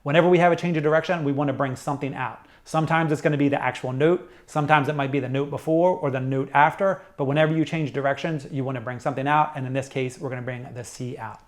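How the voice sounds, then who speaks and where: A middle-aged man teaching a saxophone lesson, explaining jazz articulation step by step in a clear, methodical way. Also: mid-range voice, steady tone, fast, hardly any pauses. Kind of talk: instructional music lesson.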